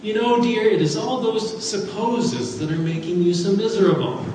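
A man's voice: high-pitched, normal speed, warm tone, slight background noise, voice pushed up, close to an everyday voice. A man voicing a cheerful, hardworking poor woman who firmly rebukes worry, heard from a distance in an echoey hall. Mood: confident.

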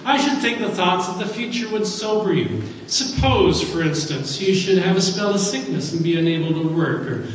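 A man's voice: high voice, animated, moderate pace, hardly any pauses, a little hiss or hum, pitched above the performer's own voice. A gloomy churchwoman who frets over every possible misfortune, as a male preacher puts her on. Her worried questions pile up one after another. The voice carries from afar through a big, echoing hall. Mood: fretful. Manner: worried, nagging what-ifs. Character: gloomy, fretful Christian woman. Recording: echoey hall from a distance.

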